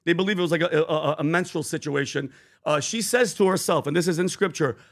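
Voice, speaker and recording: A man co-hosting a podcast, telling a faith story with animated, preachy conviction. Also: high-pitched. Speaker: podcast co-host. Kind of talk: casual podcast chat.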